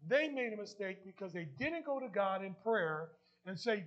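Pastor guy w/ new jersey accent, really high voice, preaching hard, dull lo-fi sound. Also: animated, moderate pace, a bit bright. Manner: emphatic, repeats key lines, asks the congregation questions. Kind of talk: sermon.

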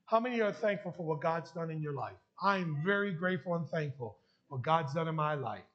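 A man's voice: on the high side, animated, a little fast, dull audio. A man preaching a heartfelt sermon and sharing his testimony, emotional at times. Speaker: pastor.

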